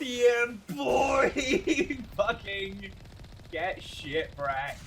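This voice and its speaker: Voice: mid-range voice, sing-song, a little slow, a bit bright, slight background noise. A streamer giving casual gameplay commentary, swearing freely, laughing often and breaking into sudden yelps.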